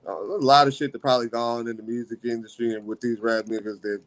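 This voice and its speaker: A man's voice: medium pitch, level tone, quick pace, rough recording. A man, a guest rapper, chatting casually in a brash, boastful way, full of slang and swearing. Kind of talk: casual chat.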